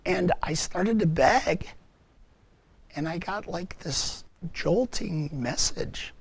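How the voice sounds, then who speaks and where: A man giving a personal testimony to a parents group, telling his story earnestly and reflectively, with halting restarts. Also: high voice, lively intonation, creaky, a little hiss or hum.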